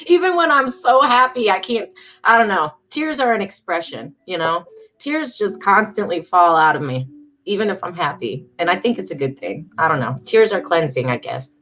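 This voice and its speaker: A woman's voice: fairly low pitch, lively intonation, moderate pace. A woman in her thirties hosting a livestream from home, chatting with viewers and reading her own writing aloud. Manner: emotional, chatty, reads aloud warmly. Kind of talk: casual livestream chat and poetry reading.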